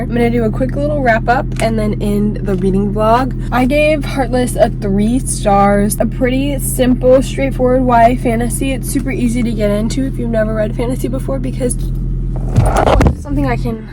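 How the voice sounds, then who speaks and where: A woman's voice: fairly high pitch, steady tone, moderate pace, noisy background. Chatty young woman book vlogger. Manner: chatty, rambling, lots of "like". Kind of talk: casual reading vlog chat. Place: in her car.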